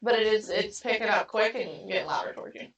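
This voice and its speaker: A woman running a tabletop game as game master, narrating the scene with animated, laughing energy. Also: medium pitch, fast, gravelly. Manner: animated, laughing storyteller with sound effects. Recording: roomy echo.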